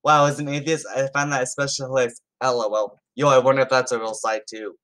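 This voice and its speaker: A man's voice: medium pitch, level tone, fast talker, fairly bright tone. A man reading funny text messages aloud and commenting on them in a casual, amused way, often stumbling over his words and restarting. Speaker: YouTuber.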